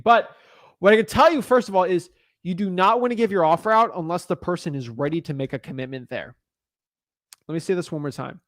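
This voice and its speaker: A man's voice: on the high side, vocal fry, fairly bright tone, dry recording, studio quality. A young adult man coaching on real estate wholesaling in a live video, speaking with a confident, emphatic manner. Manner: confident, emphatic, pushy delivery.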